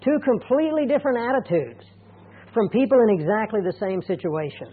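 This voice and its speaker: High-voiced preacher on a tinny radio broadcast. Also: male voice, expressive, breathy edge. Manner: earnest, deliberate, slows down for emphasis. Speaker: pastor. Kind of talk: sermon.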